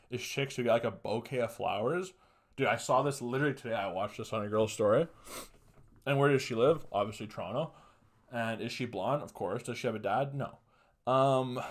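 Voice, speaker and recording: Profane, mocking young man ranting. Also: medium pitch. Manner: crude, profane, mocking, laughs at his own jokes. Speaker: podcast host. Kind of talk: solo comedic rant.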